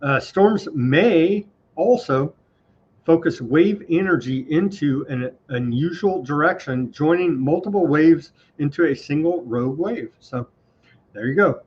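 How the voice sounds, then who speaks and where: A man's voice: on the high side, expressive, measured pace, a little mellow, slight background noise. A man hosting an online news show, reading items aloud and adding wry, casual comments. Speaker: show host. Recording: dull lo-fi sound.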